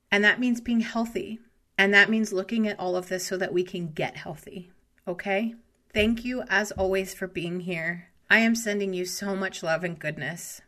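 Bright-voiced woman giving earnest encouragement. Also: medium pitch, fairly even intonation, measured pace. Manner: earnest, encouraging, addresses listener directly. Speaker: wellness content creator. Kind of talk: heartfelt direct-to-camera talk.

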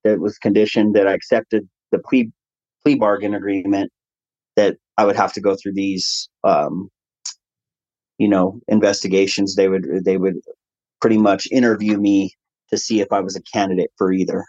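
Interview guest, male, low-pitched, earnest storyteller, dull dry recording. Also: normal speed, no room sound. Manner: earnest, animated when quoting others. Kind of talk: conversational storytelling.

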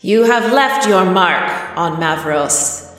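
A woman voicing a grateful former party companion, speaking formally and slowly. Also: on the low side, expressive, a bit bright. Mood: solemn. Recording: echoey room with long reverb.

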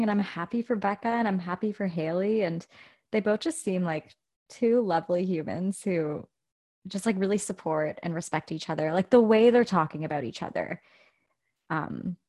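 A woman's voice: medium pitch, a little mellow. A young woman co-hosting a casual gossip podcast, giggly and rambling, often hunting for words. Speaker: podcast co-host. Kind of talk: casual celebrity gossip chat.

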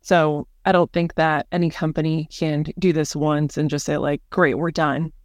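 Woman, podcast guest, business director; smooth voice, upbeat explainer, dry close recording. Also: sits low, flat delivery, normal speed, a little mellow, no room sound.

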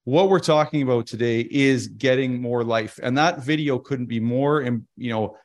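A man's voice: mid-range voice, moderate pace. A man presenting a financial webinar over a video call, talking through his points and stories in a loose, conversational way. He trails off and restarts a lot, with plenty of fillers.

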